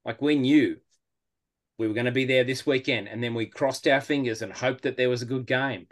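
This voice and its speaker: An Australian man as a podcast guest, talking in a relaxed, rambling way with lots of fillers. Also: mid-range voice, normal speed. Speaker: guest fan. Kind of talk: casual podcast interview.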